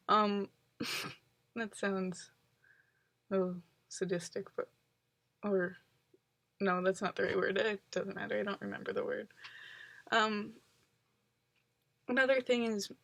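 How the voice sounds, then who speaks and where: A woman vlogger talking casually to camera in a rambling, reflective way, often pausing with ums and likes. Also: medium pitch, a bit bright, no echo. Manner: reflective, analytical.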